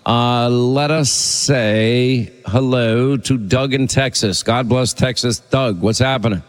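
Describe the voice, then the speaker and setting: A man from Long Island hosting a call-in radio show, quick and chatty, cutting in often. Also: mid-range voice, fairly even intonation, long reverb tail. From Long Island, New York. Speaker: radio host.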